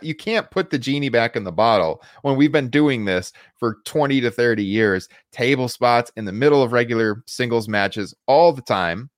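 A man chatting on a podcast in a wry, joking way, often breaking into laughter. His pitch swings widely as he talks. The sound is dry and close, with no room echo. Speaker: podcast co-host. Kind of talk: casual wrestling podcast chat.

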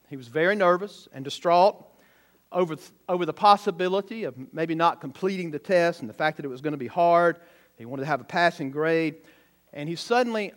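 A man preaching a sermon to a congregation, telling a story and building to emphatic exclamations. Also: high-pitched.

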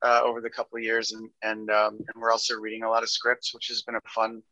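A man's voice: lowish voice, monotone, fast talker, bright, forceful tone, dry recording, lo-fi sound. A man, a film director, chatting loosely as a guest on a podcast, joking and restarting his sentences. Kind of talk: casual interview chat.

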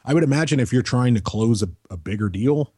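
A man's voice: medium pitch, lively intonation, brisk, a little mellow, breathy edge, dry recording, clean studio sound. A man co-hosting a casual soccer podcast, rambling into joking side stories before getting back to team talk. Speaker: podcast co-host.

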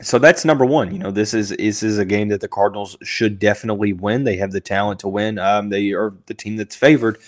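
A man hosting a sports podcast, thinking out loud with lots of fillers and restarts, who has the hiccups. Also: lowish voice, brisk, few pauses. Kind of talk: casual sports analysis podcast.

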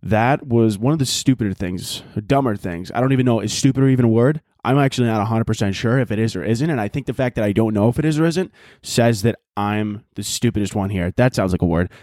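A young man rambles through a profane, self-mocking comic rant on his solo podcast. His lowish voice is fast and a little mellow, with studio-quality sound and no echo.

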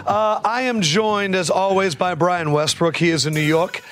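A man hosting a sports podcast, chatting casually with hyped, slangy energy and quick bursts of talk. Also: sits high, fairly even intonation, a bit bright. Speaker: podcast host. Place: traveling abroad, remote.

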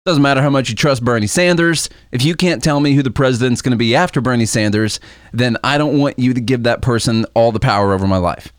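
A man's voice: mid-range voice, fast, dry recording, studio quality. A man hosting a casual podcast, joking with his co-host and plugging the show.

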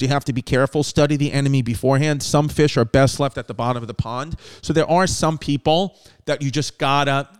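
A man's voice: medium pitch, darkish tone, clear, resonant tone. A man hosting a comedy podcast, rambling casually with lots of fillers and swearing. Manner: rambling, profane, filler-heavy. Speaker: podcast host.

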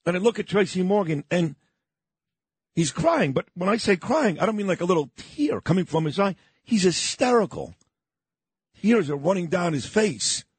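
A man's voice: high voice, expressive, normal speed, breathy edge, no echo. An older man from New York hosting a morning radio show, telling a story in an emphatic, boastful way.

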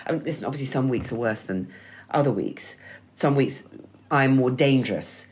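A woman's voice: rumbling low, animated, normal speed, a little mellow. A middle-aged woman co-hosting a podcast, speaking with wry, dramatic emphasis on key words. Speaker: podcast co-host. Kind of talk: scripted-sounding podcast chat.

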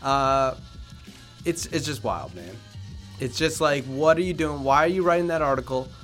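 A man co-hosting a podcast, excitable and mocking in casual banter. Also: mid-range voice, soft background music. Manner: excitable, mocking, quick to riff. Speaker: podcast co-host.

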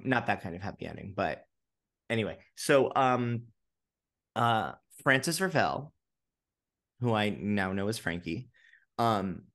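A young man, a theatre producer, telling stories in a casual interview in an animated, gushing way, with many fillers and restarts. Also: fairly low pitch.

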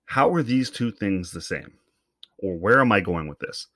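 A blunt man with a somewhat low voice, delivering an opinionated solo podcast monologue. He swears freely and rambles from point to point. His voice is close to a podcast mic and sounds dry, with no room. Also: animated, normal speed, a bit bright, no echo. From Canada. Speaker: podcast host.

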